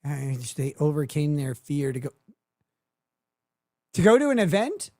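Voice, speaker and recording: A man's voice: fairly high pitch, big pitch swings, a little slow, dark tone, no room sound, clean studio sound. A man hosting a livestream, giving crude, mocking commentary and laughing at his own jokes. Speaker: livestream host.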